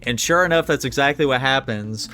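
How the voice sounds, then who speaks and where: A man's voice: mid-range voice, brisk, sharp tone, a little hiss or hum. A man co-hosting a podcast, reviewing a film in casual chat, loose and swearing with many "like" fillers. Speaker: podcast co-host.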